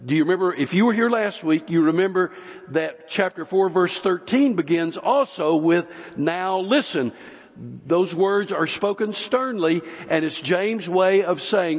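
Slow, husky preacher in a reverberant hall. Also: male voice, a little high, animated. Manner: slow, emphatic preaching with long pauses. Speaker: pastor. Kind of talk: sermon. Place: church sanctuary. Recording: dull, lo-fi recording with long hall reverb.

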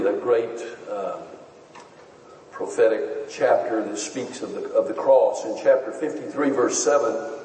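A man preaching a sermon, teaching in a measured and earnest way. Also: mid-range voice, a little mellow, slight background noise. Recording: echoey hall, voice from far off.

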